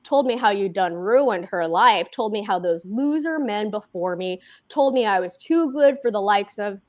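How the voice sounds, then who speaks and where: Woman reading as a foul-mouthed husband, contemptuous, crude, slightly high. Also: expressive, normal speed. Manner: cursing, contemptuous. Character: crude, abusive, beer-drinking husband, man.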